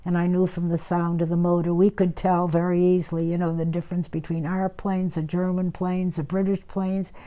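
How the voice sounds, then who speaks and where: A woman, recalling wartime memories in an oral history interview, unhurried with many pauses and restarts. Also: fairly low pitch, little pitch movement, dark tone. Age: 90s. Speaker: war veteran interviewee.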